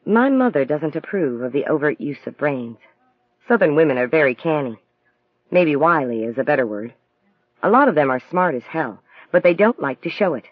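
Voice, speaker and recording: Man reading young Southern woman in an audiobook, soft and teasing, light drawl. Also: on the high side, sing-song, normal speed, no echo, phone-quality sound. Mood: wry, teasing. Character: bright, direct young woman student from the South.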